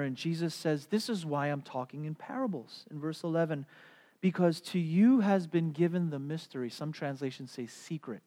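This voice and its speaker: Animated man preaching in a reverberant hall. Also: a little high, normal speed. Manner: animated storytelling with playful character voices. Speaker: pastor. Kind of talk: sermon. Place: church sanctuary.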